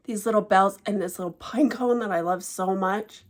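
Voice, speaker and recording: A woman talks through a haul of stitching gifts in a casual vlog. She gushes, and her voice often drops to a soft, breathy hush when she's moved. Her pitch sits in an ordinary middle range. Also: normal speed. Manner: gushing, emotional, often hushed and breathy with delight. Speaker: cross-stitch vlogger. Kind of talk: casual show-and-tell vlog.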